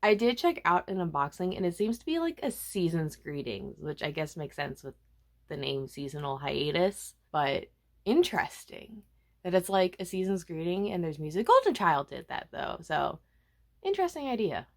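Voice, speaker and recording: Lively, chatty young woman vlogger. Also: fairly low pitch, normal speed. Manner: animated, chatty, self-mocking, bursts into snippets of song. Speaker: K-pop vlogger. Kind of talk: casual chatty album review.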